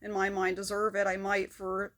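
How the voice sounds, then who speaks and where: A woman talking candidly to camera about her own experience, rambling a little, with fillers and soft laughs. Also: medium pitch, completely flat delivery, moderate pace. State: shaky hands, feeling manic. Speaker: video blogger. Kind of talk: personal talk to camera.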